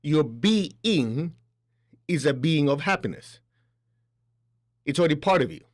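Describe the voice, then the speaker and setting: A man giving a spiritual lecture, animated and laughing between points, acting out other people's voices as he talks. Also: on the high side, unhurried. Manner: animated, acts out quoted voices. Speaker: spiritual teacher. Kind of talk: spoken lecture.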